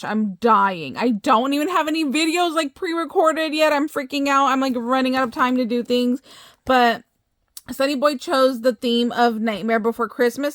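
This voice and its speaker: Vlogger type, middle-aged woman, fairly high voice, gushing and excitable, dry close recording. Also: no echo. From United States. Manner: gushing, excitable, many exclamations. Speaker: crafting vlogger opening happy mail. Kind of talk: casual chat.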